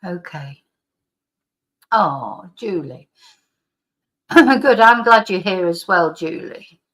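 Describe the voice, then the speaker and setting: A woman's voice: on the low side, expressive, takes it slowly, fairly bright tone. A middle-aged woman with a slight lingering cough, hosting a live stream in rambling, casual chat as she reads out viewer comments. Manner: rambling, chatty, with frequent restarts and laughs.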